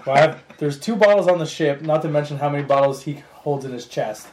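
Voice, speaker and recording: A man's voice: a little high, quick pace, darkish tone, slight background noise. A man playing a tabletop game, joking and laughing often in casual chat. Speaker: player.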